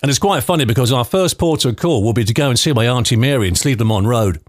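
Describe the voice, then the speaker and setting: A man's voice: medium pitch, expressive, quick pace, no echo, clean studio sound. Chatty nostalgic man telling stories. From London. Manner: chatty, nostalgic, anecdotal with light laughs. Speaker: podcast host. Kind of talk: personal storytelling podcast.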